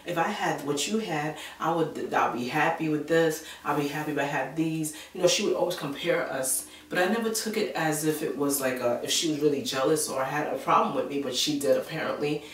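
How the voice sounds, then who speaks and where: A woman vlogger telling a personal story in a casual, animated way. She acts out the voices of the people she quotes and fills gaps with "blah blah". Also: low-pitched, a little fast, few pauses, a little hiss or hum. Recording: echoey room, mic at a distance.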